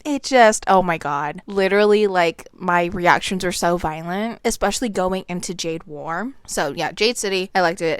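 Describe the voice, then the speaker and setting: Young woman, book vlogger, emphatic and sweary, filler-heavy; smooth clear voice, dry close sound. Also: medium pitch, fairly bright tone, dry recording. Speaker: book reviewer. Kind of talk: casual book review vlog.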